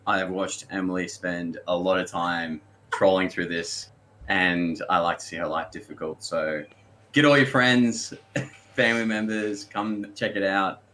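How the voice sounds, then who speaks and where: A man's voice: low voice, level tone, measured pace, pushed and bright. An Australian man co-hosting a tabletop game stream, plugging the channel in a jokey way. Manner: jokey, promotional. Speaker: player and stream co-host. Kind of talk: casual stream chat.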